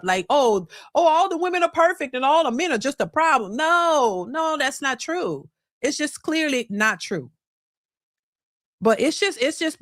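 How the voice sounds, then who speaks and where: A woman's voice: a little high, fairly bright tone, no echo. Emphatic woman reaction host, dry sound. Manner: emphatic, repetitive, rhetorical questions. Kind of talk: opinionated commentary.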